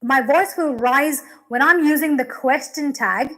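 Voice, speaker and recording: Woman teacher, high-pitched voice, explanatory grammar lesson, casual fillers. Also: measured pace, fairly bright tone, rough recording. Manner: explanatory, uses fillers like "okay" and "you know". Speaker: English teacher.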